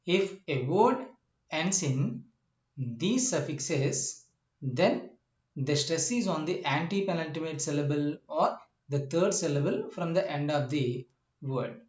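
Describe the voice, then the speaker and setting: A man with a fairly high voice gives a lecture at a very slow, deliberate pace. He repeats each point with many "uh" pauses and keeps asking whether the listener understands. The room around him is echoey. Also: darkish tone. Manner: slow, repetitive explanations with frequent "uh" and checking questions. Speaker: teacher. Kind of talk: classroom lecture.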